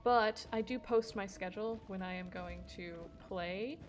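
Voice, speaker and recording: A woman's voice: mid-range voice, measured pace. A young woman streamer chatting casually while she plays, rambling, swearing freely and laughing often. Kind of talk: casual gaming stream chat. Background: background music.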